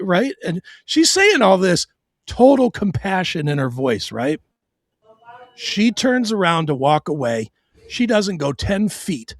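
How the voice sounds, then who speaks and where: A man's voice: high-pitched, sing-song, takes it slowly, no room sound, clean studio sound. A middle-aged man on his own show, telling a hard personal story bluntly and profanely, with stammered restarts.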